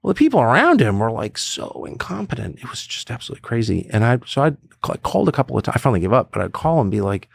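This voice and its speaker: A man's voice: mid-range voice, racing, creaky, hardly any pauses, husky, dry recording. A man in his fifties, a guest telling stories in a conversational interview and acting out quotes. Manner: animated storyteller who acts out quotes.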